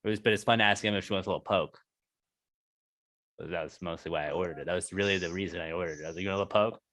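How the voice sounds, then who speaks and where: A man co-hosting a podcast, telling jokey stories in a casual, animated way. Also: deep voice, very fast, dry recording. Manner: joking, animated storyteller. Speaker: podcast co-host. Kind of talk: casual chat.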